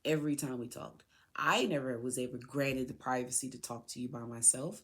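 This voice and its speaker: Speaking a little fast in an extremely low voice, a mother on her podcast pleads with her son. Her emotional monologue is aggrieved, and she repeats herself to drive her points home.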